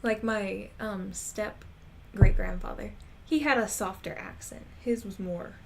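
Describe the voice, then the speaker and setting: A woman chats at an unhurried pace as she plays a game, rambling and breaking into giggles often. Her pitch is moderate. A faint hiss sits under her voice. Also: vocal fry. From Texas. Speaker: streamer. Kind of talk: casual chat while gaming.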